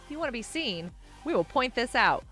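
A woman's voice: on the high side, very animated, brisk, sharp tone, slightly rough. A woman live streamer chatting casually with her viewers, giggling often and reading the chat aloud. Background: faint music.

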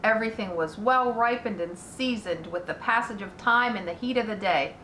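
A woman voicing a greedy, boastful male rat, gluttonous and sly, with gloating drawn-out words in a roomy echo. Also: medium pitch, sharp tone, slight background noise, close to an everyday voice.

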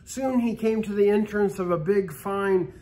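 Storyteller: a high-voiced man reading aloud with a steady pace and the odd restart. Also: measured pace. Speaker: story reader. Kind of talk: read-aloud Christmas story.

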